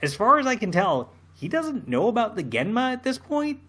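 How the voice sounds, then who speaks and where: A man co-hosting a casual podcast, talking slowly and hesitantly with many ums and restarts. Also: high-pitched, big pitch swings, a bit bright, slightly rough. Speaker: podcast co-host.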